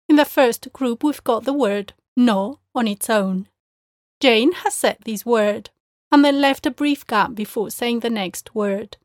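A woman's voice: fairly high pitch, no echo. Dry-voiced woman teaching pronunciation. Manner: clear, measured explanations that model Spanish words slowly. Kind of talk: scripted podcast lesson.

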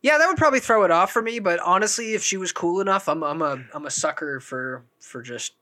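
A man's voice: high-pitched, expressive, a little fast, bright, forceful tone. A man co-hosting a casual podcast chat, laid back, posing hypothetical questions and laughing often. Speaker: podcast co-host.

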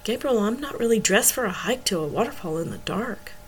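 A woman reading the lines of a gentle, cautious young woman. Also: mid-range voice, lively intonation, a little fast, slight background noise, natural voice.

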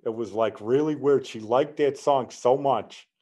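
A man's voice: mid-range voice, unhurried, dark tone. Rambling older man telling stories. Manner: rambling, anecdotal, chuckling, retells dialogue with "he goes". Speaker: podcast host. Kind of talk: casual storytelling chat.

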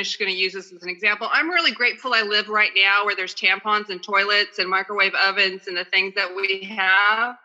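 A woman's voice: mid-range voice, sharp tone, dull audio. A woman speaking at a recovery meeting over a phone video call, in casual, chatty and self-deprecating talk, sometimes reading aloud.

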